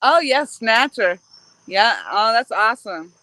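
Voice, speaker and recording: A woman's voice: a little high, animated, unhurried, pushed and bright, no room sound, poor audio. A woman hosting a fishing livestream from a riverbank, chatting casually and rambling cheerfully. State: out of breath. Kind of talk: casual live-stream chat. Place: outdoors on a riverbank at dusk, crickets behind.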